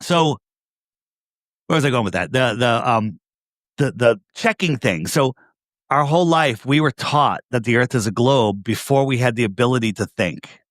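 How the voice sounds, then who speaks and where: With a medium-pitched, animated voice at a moderate pace, a man from the New York area appears as a podcast guest over video call. In casual conversation he leans on emphatic rhetorical questions to press his points. Studio-quality audio, no room sound.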